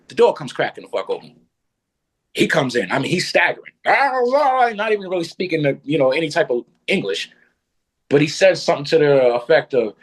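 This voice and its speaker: Profane, animated male storyteller. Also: on the high side, fairly quick, husky, poor audio. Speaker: podcast guest. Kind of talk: casual personal storytelling.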